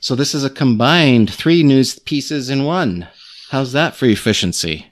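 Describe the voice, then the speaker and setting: A man's voice: medium pitch, expressive, measured pace. A man hosting a casual podcast, joking with his co-hosts and reading news items aloud. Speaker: podcast host.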